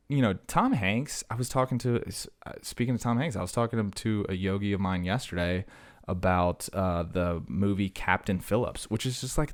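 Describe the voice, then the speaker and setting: A young man with a very low, deep voice talks loosely as a podcast host. He rambles from thought to thought, full of "uh" and "like," joking at his own expense. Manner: rambling, jokey, self-deprecating, lots of fillers. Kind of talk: casual solo chat.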